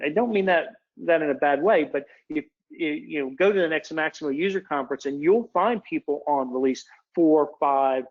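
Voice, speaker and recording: A man giving a casual, chatty webinar presentation, digressing and interrupting himself as he talks. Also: on the high side. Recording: dull lo-fi webinar audio.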